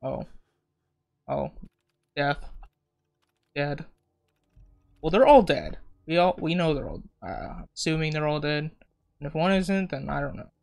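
A man's voice: on the high side, lively intonation, a little slow, vocal fry, pauses often, a little mellow. A man giving casual, profane, joking commentary while playing a video game, talking to himself as he goes. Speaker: gamer. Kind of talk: casual let's-play commentary.

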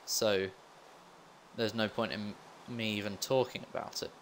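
A man's voice: on the low side, fairly even intonation, measured pace, a little hiss or hum. A young man giving casual commentary while playing a game, rambling and joking at his own expense. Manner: rambling, self-mocking asides. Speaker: let's play gamer.

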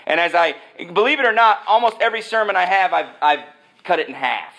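A man preaching a sermon, animated and joking, who jumps from point to point. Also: high-pitched, brisk, gravelly. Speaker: pastor. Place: church sanctuary. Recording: echoey church sanctuary.

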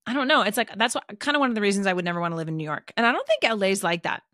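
A woman's voice: mid-range voice, very animated, racing, bright, forceful tone, no echo, studio quality. A woman chatting casually on a podcast, digressive and full of "like" fillers. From Southern California. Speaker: teacher and podcast regular.

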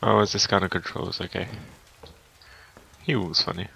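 A man's voice: low-pitched, steady tone, normal speed, gravelly, pushed and bright, a little hiss or hum, low-quality recording. A man hosting a let's play with a cold, chatting casually and reacting aloud as he plays. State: has a cold, creaky voice. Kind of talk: casual gameplay commentary.

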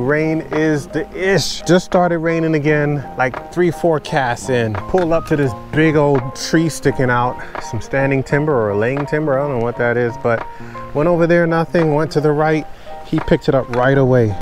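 A man filming his own fishing trip from a kayak in pouring rain, chatting casually to viewers and getting excited whenever a fish bites. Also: a little high, unhurried, over music. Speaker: fishing vlogger. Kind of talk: casual on-the-water commentary. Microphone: camera mounted on the kayak.

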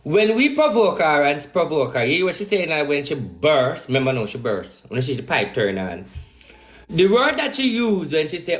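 A Jamaican man hosting an interview. His voice is high and lively, rising and falling a lot. He speaks in a soothing, coaxing way. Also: normal speed. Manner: soothing, repeatedly telling the guest to calm down. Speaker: host. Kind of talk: interview talk.

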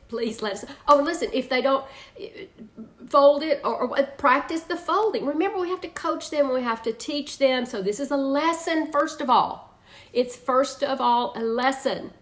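A woman's voice: high-pitched, a bit bright. A woman teaching an online parenting class, chatty, laughing often and reading out viewers' comments.

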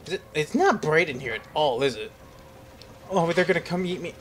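A man's voice: on the high side, lively intonation, brisk, a little hiss or hum. Jittery young man commentating a horror game. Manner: jittery, rambling, jokey, talks to game characters. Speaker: gaming commentator. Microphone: headset.

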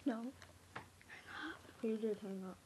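A young girl with a high voice, speaking slowly and giggling as she hosts a home video. A steady hiss runs under the recording. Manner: giggly, silly. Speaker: vlog host.

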